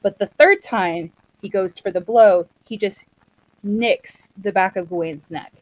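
A woman casually retelling a story in a chatty, animated way, acting out what the characters say. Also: mid-range voice, measured pace, no room sound, low-quality recording. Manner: chatty, animated, acts out quotes.

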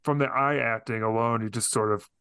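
Man, podcast guest, smooth clear voice, dry sound, thoughtful, hesitant, casual film talk. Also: mid-range voice, steady tone, a little fast, sharp tone, no room sound. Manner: thoughtful, hesitant with many restarts.

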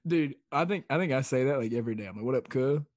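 A man's voice: medium pitch, fast talker, a little mellow, no room sound, studio quality. A young man co-hosting a podcast, telling stories and jokes in a casual, swearing way, often laughing. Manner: joking, laughing, storytelling, swearing. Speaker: podcast co-host. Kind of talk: casual profane chat.

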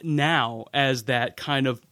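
A man's voice: mid-range voice, pushed and bright, dry recording. A young man chatting as a podcast guest, starting over and repeating words as he talks. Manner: halting, repeats words, swears casually. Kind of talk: casual chat.

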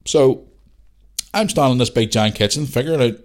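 A man's voice: medium pitch, a little fast. A Northern Irish man in his forties, hosting a podcast and telling a rambling story, swearing freely. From Northern Ireland. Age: 40s. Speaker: podcast host. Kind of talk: casual storytelling.

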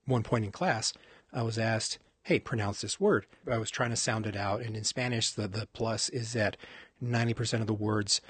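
A man from Texas telling stories in a casual conversation, reflective and halting, often restarting his sentences. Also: fairly low pitch, level tone, fairly bright tone, slightly rough, no echo. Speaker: podcast guest. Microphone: close mic on his own end.

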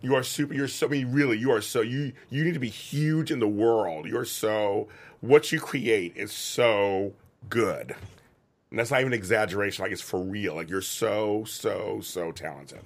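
A man's voice: fairly low pitch, normal speed. A man co-hosting a casual chat show, playful and gushing, who often repeats himself. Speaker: co-host.

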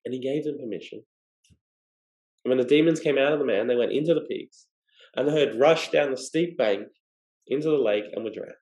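A man's voice: mid-range voice, a little fast, a little mellow, roomy sound, low-quality recording. A man preaching a sermon, explaining scripture and asking rhetorical questions. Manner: expository, asks rhetorical questions.

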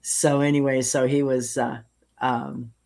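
Older woman, host, low voice, chatty storyteller, laughs at own jokes. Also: little pitch movement, unhurried, a little mellow. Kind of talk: casual interview chat.

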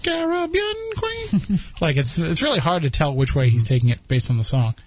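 A man's voice: medium pitch, fast talker, breathy edge, dry recording. A man hosting a talk show in casual chat, rambling with many fillers and chuckles. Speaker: podcast host.

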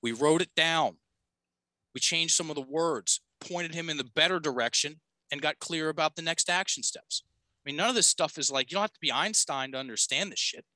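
A man's voice: a little high, normal speed, pushed and bright, no room sound, poor audio. A man who is a podcast guest and coach, telling a story in a casual, emphatic way and swearing freely.

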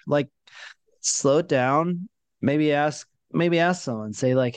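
A man's voice: mid-range voice, measured pace, clean tone, no echo. A man co-hosting a podcast in casual chat, thoughtful and restarting words as he builds a point.

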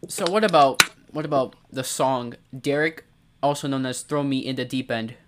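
A young man hosting a casual podcast, joking and teasing his co-host with quick, laughing asides. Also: mid-range voice, very noisy.

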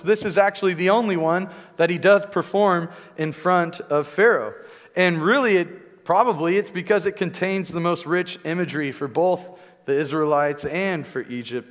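A male preacher giving a conversational teaching sermon, often checking in with "right?" asides. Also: a little high. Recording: long reverb in a large hall.

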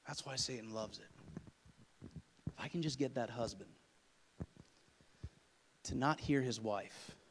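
A man preaching a sermon with humor, swinging from loud emphatic passages to quiet asides and acting out couples' quarrels. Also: medium pitch, takes it slowly, pauses often, a little hiss or hum. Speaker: pastor. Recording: long hall reverb.

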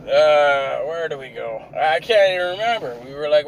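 Vlogger: tired man, slightly high voice, swears constantly, rambles and mocks himself. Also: lively intonation, moderate pace, vocal fry, few pauses, low-quality recording. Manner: profane, rambling, self-deprecating. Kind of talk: rambling storytelling.

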